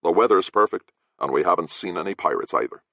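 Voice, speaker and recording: A man voicing a gruff, blunt male sea captain who barks orders, in a dry, slightly dull recording. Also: low voice, animated, fast talker, dry recording, voice pushed up, heavily acted. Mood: commanding. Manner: barking orders, short-tempered.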